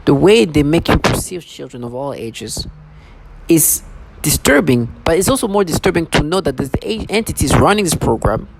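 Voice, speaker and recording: A man's voice: a little high, creaky. A man talking in an agitated, rambling monologue to camera, often restarting his sentences. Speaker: vlogger. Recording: noisy recording.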